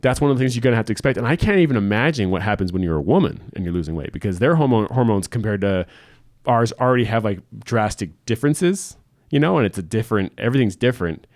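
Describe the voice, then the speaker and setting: A man co-hosts a casual podcast chat, his voice sitting fairly low. He talks quickly, rambling and doubling back mid-sentence. The sound is dry, with no room echo. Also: very animated, darkish tone. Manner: quick, rambling, many restarts. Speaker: podcast co-host.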